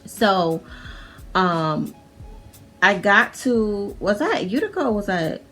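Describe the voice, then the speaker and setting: A young woman with a New York accent spins a story to her viewers in a loose, rambling way. She swears freely, stacks up "like" and restarts her sentences, her voice at an ordinary middle pitch. Soft music plays behind her. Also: big pitch swings, slow. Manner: chatty, profane, lots of "like" and restarts. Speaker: vlogger. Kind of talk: casual storytime. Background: faint music.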